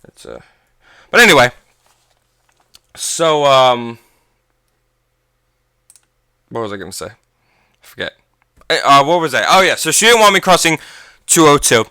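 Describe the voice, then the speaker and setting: A man's voice: medium pitch, expressive, normal speed, long pauses, sharp tone, clear, resonant tone, no echo. A teenage boy casually telling a long story, rambling and correcting himself as he goes. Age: teens. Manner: rambling, self-correcting, chatty. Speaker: gaming channel vlogger.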